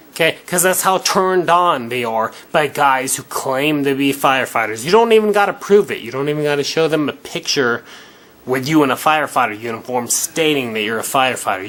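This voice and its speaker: A man's voice: a little high, a bit bright. A drunk man ranting to camera in a crude, cocky, rambling way, swearing constantly. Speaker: vlogger. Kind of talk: rambling profane rant to camera.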